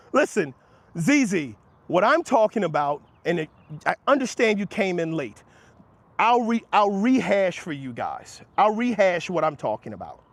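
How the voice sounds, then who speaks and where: A high-pitched man argues with his livestream chat, pushing each point hard and calling out viewers by name. The sound is dry and close, with no room around his voice. He talks outdoors, within earshot of passersby. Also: very animated, moderate pace, dry recording. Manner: emphatic, argumentative, rising in pitch when making points; addresses chatters by name, laughs them off. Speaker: livestream host answering chat. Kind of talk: heated livestream talk to chat.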